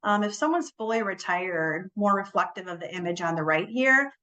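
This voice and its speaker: A woman's voice: medium pitch, moderate pace, low-quality recording. Chatty woman presenting a finance webinar. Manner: relaxed, explanatory, frequent ums and repeated words; leans on key words for emphasis.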